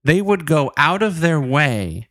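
Male podcast co-host, playful casual banter, bright lively voice. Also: fairly high pitch, unhurried, dry recording, clean studio sound. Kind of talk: casual comedic chat.

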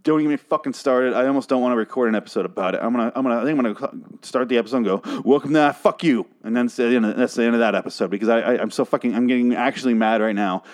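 A man's voice: mid-range voice, racing, few pauses. A man hosting a solo podcast, ranting about a TV episode in a profane, exasperated and sarcastic way. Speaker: podcast host reviewing a TV show.

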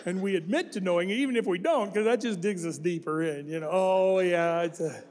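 A man's voice: high-pitched, a little fast, darkish tone, in a large hall. A middle-aged male pastor preaching a sermon with a folksy, joking manner and asides to the congregation.

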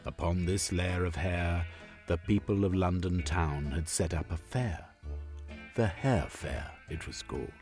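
A man reading a story aloud as narrator in a measured, expressive way. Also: sits low, over music.

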